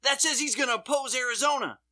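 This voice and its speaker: A frantic, worked-up rioter squeals in a high, jumpy voice, as a podcaster puts him on. The tone is bright and tense, and each line gets more overwrought than the last. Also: quick pace. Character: worked-up rioter rummaging through desks.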